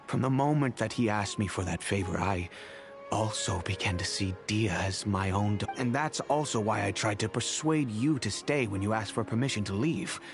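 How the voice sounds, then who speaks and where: A man voicing a wealthy, kindly middle-aged father in game cutscene dialogue, telling the past in a measured, reflective way. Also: fairly low pitch, natural voice. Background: game music.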